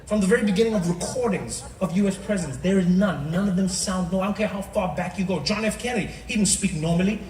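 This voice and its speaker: A man's voice: high voice, fast, hardly any pauses, darkish tone. A man performing live stand-up comedy on an arena stage, talking conversationally and building repetitive riffs. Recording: distant roomy arena audio with roaring crowd.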